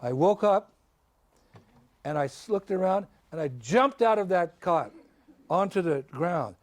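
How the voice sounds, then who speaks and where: Swami guy telling kids a story, animated, laughing a lot, kinda high voice. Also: unhurried, long pauses, over a noisy crowd, heavy background noise. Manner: lively, laughing, bursts into shouts and chants.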